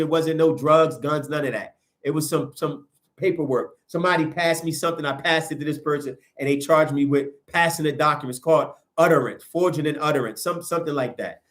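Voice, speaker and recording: Animated man telling a personal story. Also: on the high side. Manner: animated, acts out quoted dialogue, frequent restarts. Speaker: storyteller recounting events. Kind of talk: casual first-person storytelling.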